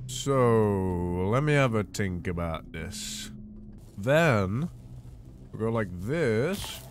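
A man commentating a horror game playthrough, swinging from quiet muttering to panicked shouts. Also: fairly low pitch, expressive, drawn-out words, background noise. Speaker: gaming video host.

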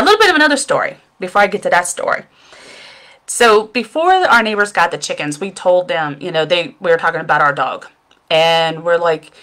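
A woman's voice: fairly low pitch, fairly bright tone. A middle-aged woman chatting at home in front of her webcam, telling a rambling, self-deprecating story and laughing at herself. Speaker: makeup seller and vlogger. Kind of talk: casual storytelling vlog.

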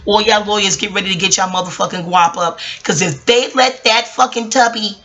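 Woman vlogger, forties, sharp bright tone, profane rambling rant, jokey asides. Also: mid-range voice, a little fast. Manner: passionate, swearing, rambling and joking.

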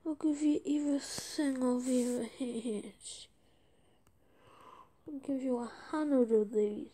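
A woman giving casual let's-play commentary, chatty and excitable, pleading with other players for trades. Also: high-pitched, takes it slowly, long pauses. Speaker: gaming video creator.

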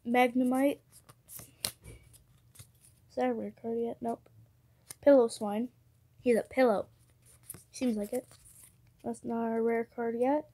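Slow-talking high-voiced woman chatting. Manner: chatty, muttering to herself, bursts of excitement. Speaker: card-opening vlogger. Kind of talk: casual chat while opening cards.

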